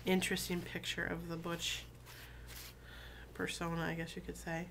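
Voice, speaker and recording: A woman who has been sick, her voice lower than usual, chatting casually with many fillers and reading poems aloud in a slow, deliberate way. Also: completely flat delivery, gravelly, a bit bright, slight background noise. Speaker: video blogger reading poetry.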